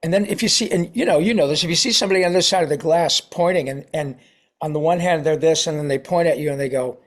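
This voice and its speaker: Middle-aged man, voice-actor guest, animated raconteur with a lightly raised pitch. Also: fast talker. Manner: animated, acts out quoted voices. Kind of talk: casual interview storytelling.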